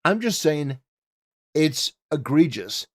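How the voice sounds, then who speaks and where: A man's voice: fairly high pitch, big pitch swings, takes it slowly. A man hosting a live stream, talking casually and ranting, with lots of "you know" fillers and swearing. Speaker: streamer host.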